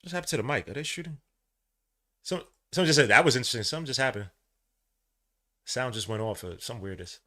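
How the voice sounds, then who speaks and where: A man hosting a live sports watch-along podcast, talking in casual slang and swinging from low mutters to loud cheering. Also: quick pace, long pauses. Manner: casual slang, calls listeners bro and son. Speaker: podcast host.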